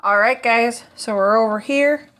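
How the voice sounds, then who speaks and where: A woman's voice: a little high, a little slow, a bit bright. A woman vlogger chatting casually to her phone camera while cooking in her home kitchen, folksy and easygoing.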